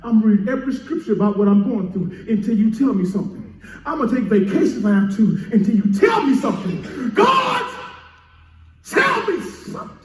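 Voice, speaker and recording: A man preaching a sermon as pastor, building up to shouts and calling for answers from the congregation. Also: sits high, expressive, fast. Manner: preaching with rising shouts and call-and-response. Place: church sanctuary. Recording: echoey church, mic heard from a distance.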